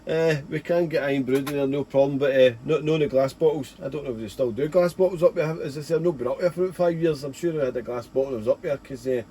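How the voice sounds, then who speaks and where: A man's voice: on the high side, fast talker, hardly any pauses, mellow, slight background noise. A Scottish man in his forties, a ham radio operator chatting casually at his home station, full of folksy fillers. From Scotland. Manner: chatty, folksy, leans on 'there' and 'mate'. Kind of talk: casual radio contact chat. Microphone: radio transceiver mic.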